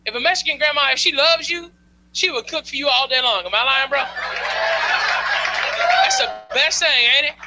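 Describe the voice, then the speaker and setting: A man's voice: very high-pitched, normal speed, long pauses, over loud music, poor audio. A male stand-up comedian on a club stage, talking loose and slangy while teasing the crowd through a handheld mic.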